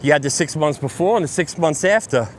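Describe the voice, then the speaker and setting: A man in his fifties with a Brooklyn accent, a DJ telling rambling, animated stories in casual talk outdoors on a city street. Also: a little high, fairly quick, a little hiss or hum. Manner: rambling, animated storytelling with many fillers. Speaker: DJ guest. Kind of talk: casual interview on a walk.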